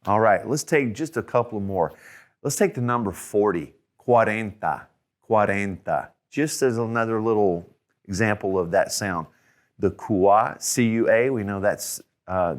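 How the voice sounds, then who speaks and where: Male tutor, lowish voice; patient step-by-step explainer who repeats sounds. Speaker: language tutor. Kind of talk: spelling lesson.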